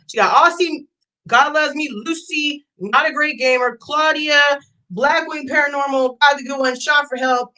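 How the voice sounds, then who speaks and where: A woman's voice: high voice, sharp tone. A young adult woman on a livestream, ranting in a heated, profane way and repeating lines for emphasis. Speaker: YouTube streamer.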